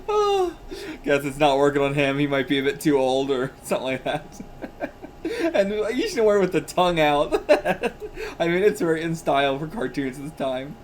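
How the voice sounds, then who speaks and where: A man's voice: on the high side, slight background noise. Chatty man reacting to manga. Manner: chatty, laughs often, fillers like "you know". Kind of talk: casual reaction commentary.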